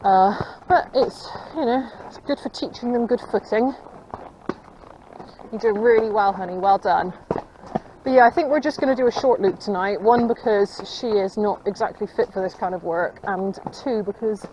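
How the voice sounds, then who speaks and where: An equestrian vlogger rides a countryside trail, rambling chattily to her viewers and talking to her horse between asides, all captured on a camera mounted on her. Her voice is mid-range at a normal speed, and the audio is slightly dull with faint outdoor noise.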